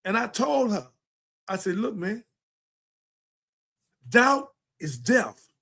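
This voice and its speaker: High-voiced man giving a preachy rant. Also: big pitch swings, takes it slowly, vocal fry, fairly bright tone. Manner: preachy, rambling, emphatic. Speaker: talk show host. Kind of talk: impassioned political monologue.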